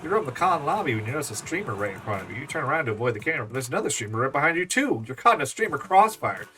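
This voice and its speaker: A man's voice: mid-range voice, big pitch swings, racing, sharp tone. A man streaming a dating game, reading the text aloud with laughing, swearing asides. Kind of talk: game let's-play reading and voicing. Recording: distant mic with faint game music.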